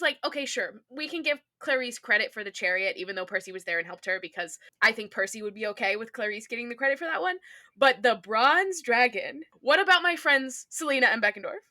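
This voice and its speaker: Bright, animated woman podcast host. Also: fairly high pitch. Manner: animated, laughs often. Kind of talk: casual podcast chat.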